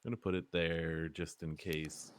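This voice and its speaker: A man's voice: low-pitched, little pitch movement, measured pace. A man playing a tabletop game, casual and laid-back. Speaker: player.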